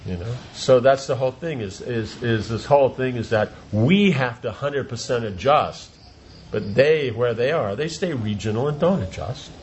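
A man's voice: mid-range voice, expressive, normal speed, a little mellow, slight background noise. A man giving an informal religious talk as a teacher, rambling, repeating words and asking rhetorical questions. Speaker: spiritual teacher.

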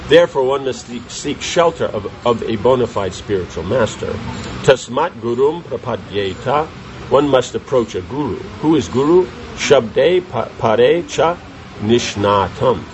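A man's voice: mid-range voice, animated, a little slow, slight background noise, rough recording. A man giving a scripture class, reading commentary aloud and explaining it with questions to his listeners. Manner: reads commentary then explains with rhetorical questions to the audience. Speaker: spiritual teacher.

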